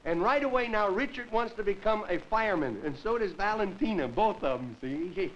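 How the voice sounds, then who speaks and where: A man's voice: sits high, animated, brisk, a little hiss or hum. A comedian hosting a variety show, rambling through folksy family stories and chuckling at his own jokes. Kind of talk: stand-up comedy monologue. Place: TV studio stage before a live audience. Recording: dull early 1950s TV broadcast with loud audience laughter.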